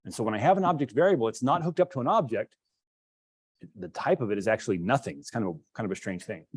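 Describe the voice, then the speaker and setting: A man's voice: medium pitch, expressive, fast, husky, dry recording. Man lecturing on code in a dry room. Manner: explains while demonstrating code, thinking aloud with restarts. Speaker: instructor. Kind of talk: classroom lecture.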